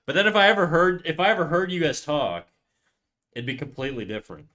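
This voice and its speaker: While drawing live, a streamer from Canada chats loosely with his audience, speaking quickly in a fairly high voice full of pitch swings. He rambles and regularly slips into muttering as he focuses.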